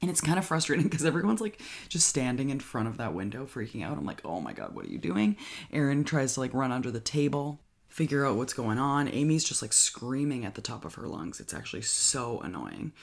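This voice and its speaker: Gravelly-voiced chatty movie recapper. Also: mid-range voice, animated. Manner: chatty, filler-heavy with frequent "like", enthusiastic; acts out characters' lines in quick voices. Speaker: movie reviewer. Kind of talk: casual movie plot recap.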